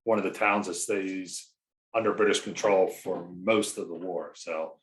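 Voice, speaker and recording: A male historian chatting as a podcast guest, quick and self-deprecating. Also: low voice, fairly even intonation, low-quality recording. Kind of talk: casual interview chat.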